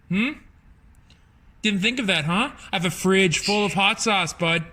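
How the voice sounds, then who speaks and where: A man talking casually outdoors on his home deck, exasperated and full of mock-tough bravado, often shouting. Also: sits high, a little slow, long pauses. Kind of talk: casual talk to a bird.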